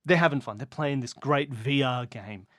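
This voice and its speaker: A man narrating a mystery game as game master, describing scenes in a lively, playful way. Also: mid-range voice, moderate pace, no room sound, clean studio sound.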